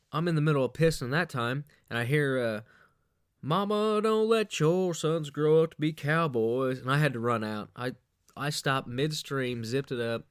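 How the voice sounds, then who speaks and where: A man's voice: mid-range voice, smooth, dry recording, studio quality. A man hosting a podcast, telling a crude, rambling comic story with lots of swearing and bragging. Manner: profane, boastful, loose storytelling. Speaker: podcast host.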